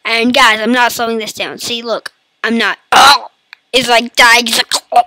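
A woman with a hoarse, fading voice and a cough, chatting playfully to viewers over gameplay. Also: fairly high pitch, steady tone, moderate pace, pushed and bright, dry recording, low-quality recording. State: hoarse, losing her voice, coughing. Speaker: gaming YouTuber. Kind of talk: casual let's-play commentary. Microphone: computer mic.

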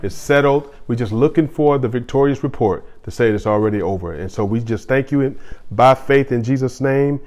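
A middle-aged man preaches to his church in an easy, conversational way. He circles back on phrases and restarts his sentences as he talks, with a voice at an everyday middle pitch. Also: fairly quick, darkish tone. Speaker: pastor. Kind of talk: sermon.

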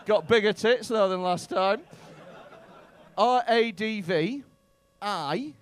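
A man's voice: high-pitched, slow pace. A male stand-up comedian in a comedy club, doing profane, bantering crowd work with mock outrage.

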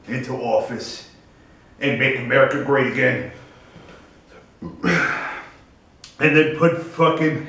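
A man's voice: medium pitch, creaky, fairly bright tone, very echoey, distant mic, rough recording. A man ranting in a brash, profane, boastful vlog. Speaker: vlogger.

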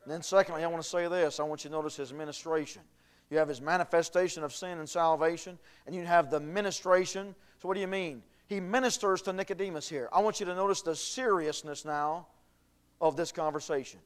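A pastor with a high voice preaches in a church, dropping to low earnest tones and then rising to shouted declarations. He is a man, and his voice carries through the sanctuary. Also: brisk, clear, resonant tone. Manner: swings from quiet earnest talk to shouted emphasis. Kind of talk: sermon.

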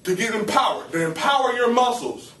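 A young man preaching a lively, playful sermon to a campus ministry, calling out questions to his listeners. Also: very high voice, a little fast. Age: young adult. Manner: animated, playful, calls to the audience. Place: campus ministry meeting room. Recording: roomy hall, mic at a distance.

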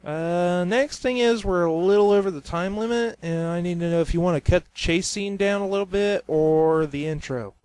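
A man's voice: high voice, moderate pace, hardly any pauses, a little mellow, clean tone, dry recording, natural voice. A man voicing a cheerful film editor. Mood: upbeat.

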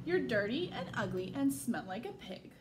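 Woman reading, doing a jealous, mocking pony, high and singsong, over background hiss. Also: very animated, moderate pace. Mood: snooty. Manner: haughty, mocking. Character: snobbish jealous female pony, spiteful.

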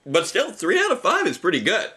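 A young man co-hosts a casual reaction chat reviewing episodes, rambling, restarting sentences and laughing a lot. His voice sits high, bright and forceful, with a breathy edge.

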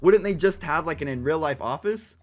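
A young man giving excited, breathless commentary while playing a video game, often repeating himself. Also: a little high, brisk. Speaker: gaming YouTuber.

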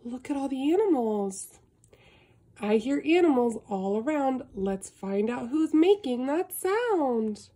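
A woman reading a picture book aloud to a young child, slow and sing-song, with gasps and animal sounds. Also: high-pitched, big pitch swings, dark tone. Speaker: storybook reader.

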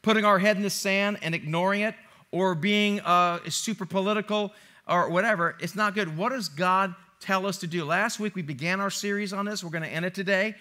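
A man's voice: high-pitched, fairly even intonation, brisk, pushed and bright. A male pastor preaching a sermon in a church, chatty and playful, joking with the congregation. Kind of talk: sermon with a joke. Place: church sanctuary.

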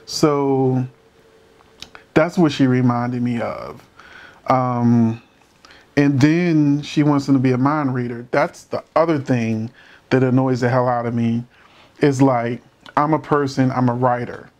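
Reacting to a court show, a man offers casual, emphatic commentary on a couple's dispute, throwing out rhetorical questions and clearly holding back from cursing. His mid-range voice is a little mellow, with fairly even intonation and a slow pace. The audio is dull.

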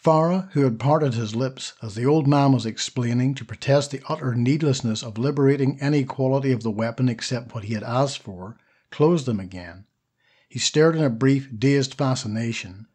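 A man narrating a short story as an audiobook, steady and even. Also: mid-range voice, normal speed, slightly rough. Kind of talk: scripted narration.

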